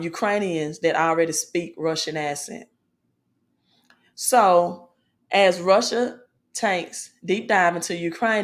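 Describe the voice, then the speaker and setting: Female finance vlogger, lowish voice, emphatic and informal, peppers lines with "right?". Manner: emphatic, asks "right?" often, informal grammar. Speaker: finance video host. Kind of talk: casual finance commentary.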